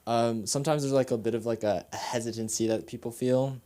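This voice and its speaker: A man's voice: medium pitch, fairly even intonation, mellow, slight background noise. Nervous rambling young man doing stand-up. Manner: rambling, halting, many fillers and restarts. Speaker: stand-up comedian. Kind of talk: open-mic stand-up. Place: comedy club stage.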